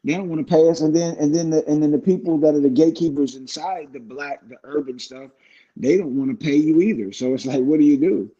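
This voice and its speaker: Brief: man from Cleveland, slightly higher voice, animated and profane storyteller, dull lo-fi recording. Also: brisk. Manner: animated storyteller, profane, acts out quoted people. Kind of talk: casual chat. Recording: dull lo-fi sound.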